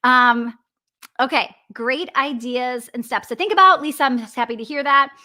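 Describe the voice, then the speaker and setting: Upbeat high-voiced woman with Wisconsin accent. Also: normal speed, bright, forceful tone. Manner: chatty, upbeat, peppers talk with "right?" and "okay?". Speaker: business coach and host. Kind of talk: live coaching session answering viewers.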